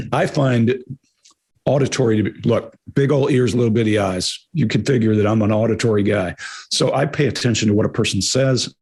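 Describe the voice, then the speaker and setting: A man co-hosting a live Q&A, talking fast and explaining things, with a hoarse voice. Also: mid-range voice, a little mellow. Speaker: co-host answering viewer questions. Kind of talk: live Q&A talk.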